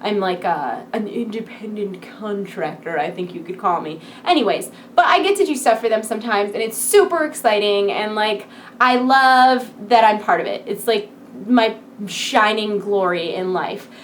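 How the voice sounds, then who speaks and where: A woman's voice: mid-range voice, normal speed, slight background noise. A woman vlogger chatting casually to her viewers, peppy and rambling with giggles, wired on coffee late at night. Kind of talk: casual chat to camera.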